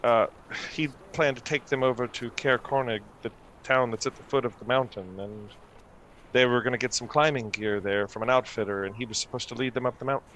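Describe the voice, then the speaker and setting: Man playing a humble, grief-stricken husband in a tabletop game, halting speech, stammers, mid-pitched everyday voice. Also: steady tone, fairly bright tone, a little hiss or hum, lightly acted. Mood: worried, grieving. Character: grieving worried man, humble craftsman husband.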